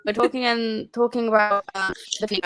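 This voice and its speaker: A woman's voice: fairly high pitch, fairly even intonation, normal speed, over loud music. A woman chatting casually over a video call on mobile data, hesitant and swearing casually.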